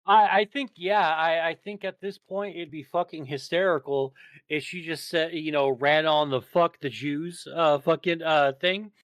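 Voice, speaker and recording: A man's voice: on the high side, moderate pace, a bit bright, clear, resonant tone, no room sound. A man with a slightly raised voice, recorded dry with no room sound. He trades crude, profane jokes in casual podcast banter. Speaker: podcast co-host.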